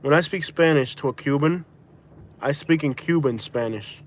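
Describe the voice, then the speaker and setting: A Florida man live-streams from inside his car, rambling and chatting casually while often restarting and correcting himself. He's tired and has a migraine. His voice is a little high and his pace moderate.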